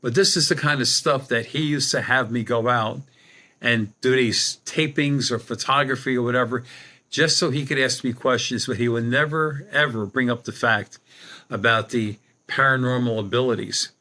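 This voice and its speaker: A man's voice: medium pitch, normal speed, sharp tone. An older man, a podcast guest telling a rambling anecdote with many restarts. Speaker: guest, psychic medium. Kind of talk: storytelling in a podcast interview.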